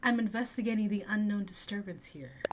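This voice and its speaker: A woman's voice: mid-range voice, expressive, brisk, noisy background, lightly acted. A woman reading as a cool teasing spy. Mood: sly.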